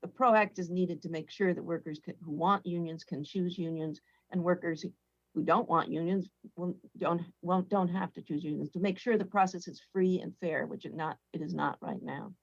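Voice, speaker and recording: A professor testifies earnestly at a hearing in a lowish woman's voice, often restarting her sentences. The sound is dry and close, with a slightly dull, muffled tone. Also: steady tone, normal speed, gravelly, no room sound. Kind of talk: congressional testimony.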